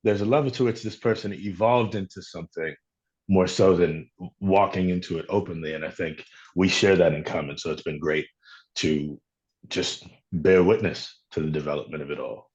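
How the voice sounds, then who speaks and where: A man from Chicago, an actor being interviewed, talking reflectively and telling stories in a relaxed way. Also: low voice, moderate pace, muffled recording. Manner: reflective, storytelling with quoted voices. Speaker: actor guest. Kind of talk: casual interview talk.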